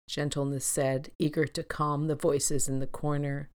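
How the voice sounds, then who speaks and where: A woman narrating a storybook in a calm, steady reading voice. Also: sits low, moderate pace, hardly any pauses, smooth.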